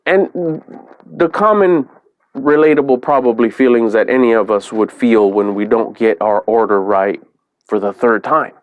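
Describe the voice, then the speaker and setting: A chatty middle-aged man talking straight to camera in a relaxed vlog, retelling a family moment. His voice sits at an everyday pitch and is recorded dry and close, with no room echo. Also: normal speed, narrow, tinny audio. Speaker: vlogger. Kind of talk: casual vlog storytelling.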